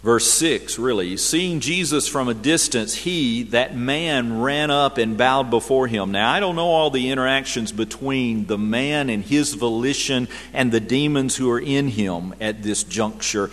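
A man delivers a sermon in a mid-range voice that carries through a hall with a long reverb. He rises to loud, emphatic readings and drops to soft, breathy near-whispers. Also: mid-range voice, a little slow, few pauses. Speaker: pastor.

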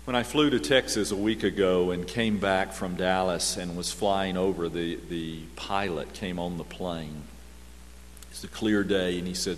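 A man preaching a sermon, moving from loud emphatic scripture reading down to hushed, near-whispered passages. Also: deep voice, steady tone, measured pace, big-room sound, slight background noise. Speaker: pastor.

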